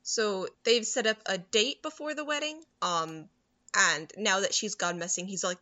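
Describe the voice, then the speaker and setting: Woman, casual recap co-host, lively quoting, dull-toned dry recording. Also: mid-range voice, dry recording. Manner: animated retelling with quick character quotes. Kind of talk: casual chat recapping a movie.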